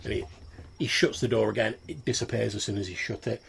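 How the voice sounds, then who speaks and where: A man's voice: on the low side, fairly even intonation, fast, creaky, slight background noise. A man who narrates a tabletop game as game master in a casual, swearing manner.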